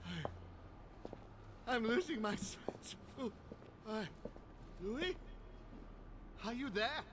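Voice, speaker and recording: A man's voice: extremely high pitch, animated, drawn-out words, noisy background, full character voice. An actor voicing a fading male spirit in a video game, urgent and losing his memories.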